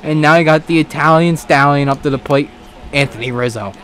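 A man giving casual let's-play commentary on a baseball video game, excitable, swearing and talking back to the game. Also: fairly high pitch, a little fast. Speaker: gaming commentator.

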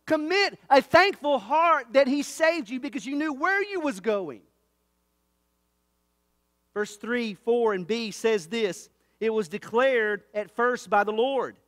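Fervent high-voiced male pastor preaching. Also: a bit bright, no echo, clean studio sound, long reverb tail. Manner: fervent preaching with emphatic repetition. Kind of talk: sermon. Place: church sanctuary.

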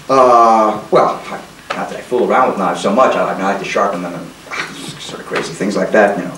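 A man's voice: on the low side, moderate pace. A male comedian telling a rambling, self-mocking story, stammering and restarting as he goes. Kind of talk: comedic monologue. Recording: roomy, distant mic, faint noise.

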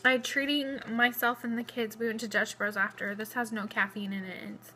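A woman's voice: a little high, little pitch movement, moderate pace, sharp tone. A young woman, heavily pregnant and a bit out of breath, chatting in a rambling vlog update at home with many fillers. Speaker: vlogger. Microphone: phone camera close up.

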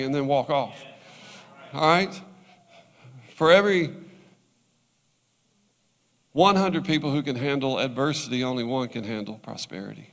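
A man's voice: fairly high pitch, normal speed, pauses often, fairly bright tone, long reverb tail. A male pastor preaching a sermon in a conversational way, often checking in with his listeners.

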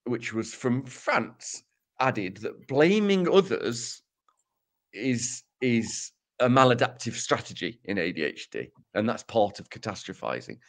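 Male podcast co-host, animated pitch, dry self-deprecating humor, casual explainer. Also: measured pace. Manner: dry self-mocking humor, lively delivery. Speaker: podcast co-host presenting research.

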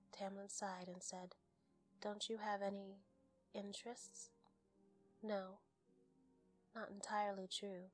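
A woman narrates a bedtime story in a soft, hushed whisper. Her delivery is steady and very flat, with a medium pitch. Faint music plays quietly underneath.

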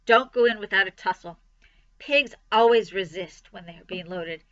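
Storybook old sheep, female, firm and commanding, bright and forceful delivery, read by a woman. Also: medium pitch, moderate pace, highs cut off, natural voice. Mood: bossy.

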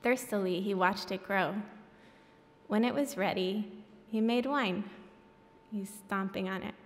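A woman's voice: medium pitch, measured pace. Woman reading aloud with wry asides. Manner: wry, self-deprecating asides. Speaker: author reading her own graphic novel. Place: reading event in a hall. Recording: echoey hall.

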